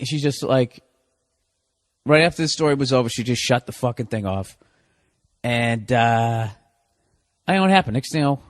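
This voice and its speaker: A man's voice: mid-range voice, dry recording. A man delivering a profane comedic rant, exasperated and full of swearing and rhetorical questions.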